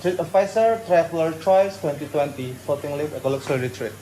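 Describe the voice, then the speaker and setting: A man from Indonesia with an Indonesian accent, a retreat staff member being interviewed casually, talking quickly with frequent restarts, recorded on a phone nearby. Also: fairly high pitch, warm tone, slight background noise, rough recording. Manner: fast-talking, hesitant restarts. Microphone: phone held nearby.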